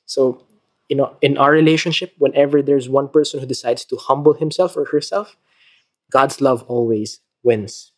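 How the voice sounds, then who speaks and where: A man's voice: medium pitch, moderate pace. A man with a Filipino accent giving a short devotional talk, earnest in tone, then leading a prayer. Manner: animated storytelling, acting out the argument; earnest, soft-spoken when praying. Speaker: preacher.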